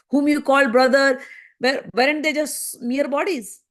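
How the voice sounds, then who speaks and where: Woman with a pretty high voice teaching scripture, keeps firing questions at you. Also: lively intonation, measured pace. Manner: pressing rhetorical questions, repeating phrases for emphasis. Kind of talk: spoken commentary on a spiritual text.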